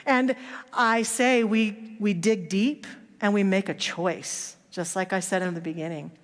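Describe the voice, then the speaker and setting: Speaking a little slowly in a mid-range voice, a woman minister tells stories during a sermon and voices the people who appear in them. The church sanctuary gives the recording a long hall reverb.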